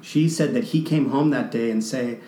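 Recorded in a room with noticeable echo, a man from Canada shares something deeply personal, his mellow, mid-range voice faltering and restarting as feelings surface.

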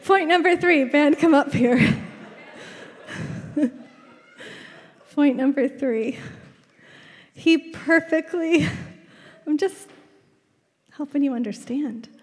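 A woman pastor in her thirties speaks slowly in a high voice, pausing often. Her sermon in a big church hall with long reverb is chatty and story-driven, with frequent laughter and whispers during tender moments.

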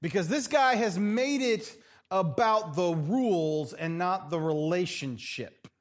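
A male pastor preaches in a church with a lively, wide-ranging voice that sits a little high. He is dramatic and swings from loud, emphatic phrases to hushed, near-whispered lines. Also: takes it slowly. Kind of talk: sermon.

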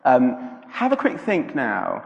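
A man delivers a relaxed, conversational sermon, stumbling and restarting as he talks. His voice has a gravelly edge and sits at an ordinary pitch. The sound carries the long reverb of a church hall. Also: dull audio. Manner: chatty, halting, many fillers and restarts. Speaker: preacher. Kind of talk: informal sermon with a personal story.

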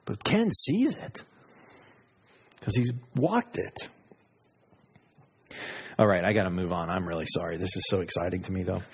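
A man preaching a sermon, moving between loud, high exclamations and low, hushed asides. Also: expressive, moderate pace, long pauses, slight background noise. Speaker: pastor.

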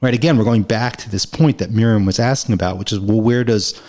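A man's voice: lowish voice, fast talker, darkish tone. A man giving a reflective spiritual teaching, telling a parable and repeating phrases for emphasis.

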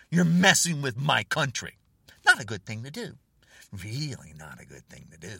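An older American man rants furiously to camera, repeating short jabbing phrases. His pitch leaps all over the place and his voice is bright and forceful. The sound is dry and close. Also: very animated, a little slow, breathy edge, dry recording, distant mic. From United States. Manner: furious, repetitive, name-calling, jabbing phrases. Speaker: online video host. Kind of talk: angry political rant to camera.

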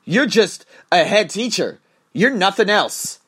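A man hosting a podcast, talking as a teacher in a profane, ranting, animated manner. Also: high voice, unhurried, slightly rough. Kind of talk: casual monologue podcast.

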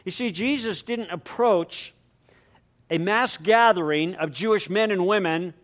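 A man preaching a sermon in an animated, dramatic way, swinging between loud emphasis and hushed, quiet lines. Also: high-pitched, unhurried. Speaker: pastor.

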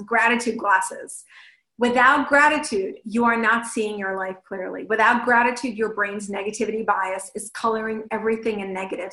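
Lively woman giving a motivational talk. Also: on the high side, echoey room, rough recording. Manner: lively, animated, acts out inner voices. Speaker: host and speaker.

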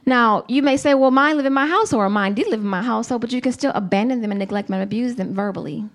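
Earnest and emphatic, a woman with a slightly high voice delivers a sermon to her congregation, choosing her words slowly and deliberately.

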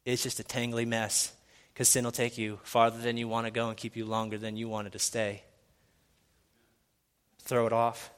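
A pastor preaching a sermon in a church, swinging from hushed, intimate lines to loud, excited shouting. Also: male voice, medium pitch, normal speed, smooth, in a large hall. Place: church sanctuary.

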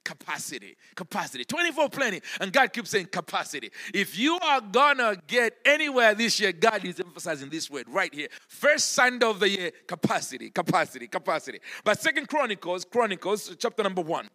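A man's voice: high-pitched, very animated, brisk, hardly any pauses, bright, forceful tone. A male pastor preaching a church sermon, emphatic and driving his points home by repeating key words. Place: church service.

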